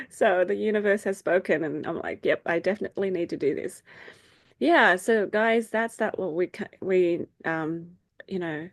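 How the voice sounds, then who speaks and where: A middle-aged woman hosting a faith group over a video call, talking casually with many fillers and acting out quotes. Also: no echo. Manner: chatty, many fillers, acts out quotes in a high voice.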